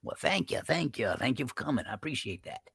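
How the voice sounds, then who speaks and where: A man reading the part of a loud, bossy older judge with folksy country talk in a live script reading. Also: mid-range voice, expressive, fast talker, creaky, slightly rough, no echo, studio quality, heavily acted. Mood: boastful. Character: blustering folksy rich older male judge.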